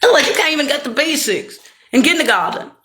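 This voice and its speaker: High-voiced lady ranting and swearing, all over the place pitch-wise, yelling then grumbling. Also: big pitch swings, quick pace. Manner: rambling, bitter, swings between shouting and muttering. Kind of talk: angry profane rant.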